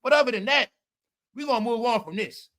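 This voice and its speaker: High, bright-voiced man ranting on a livestream. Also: fairly quick. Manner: loud, laughing, profane, repeats "all right?". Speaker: commentary livestream host. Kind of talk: casual livestream commentary.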